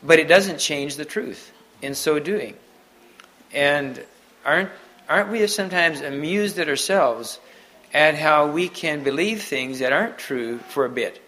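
A man giving an unscripted sermon to a Mennonite congregation, halting often and restarting his sentences. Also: on the high side, pushed and bright, poor audio. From Mennonite community. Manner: halting, many restarts and repeated words. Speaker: preacher.

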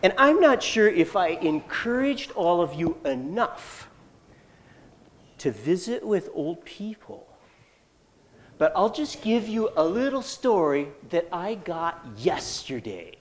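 Animated folksy storyteller. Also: mid-range voice, slow pace. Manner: animated, folksy, rambling asides. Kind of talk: live folktale storytelling and chat.

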